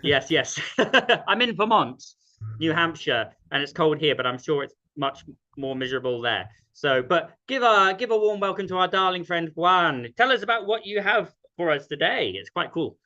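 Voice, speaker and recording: A man's voice: a little high, very animated, normal speed, bright, forceful tone. Chatty man hosting a video call. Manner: chatty and self-deprecating, many ums. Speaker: host. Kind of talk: casual online sing-along welcome. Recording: dull lo-fi video call audio.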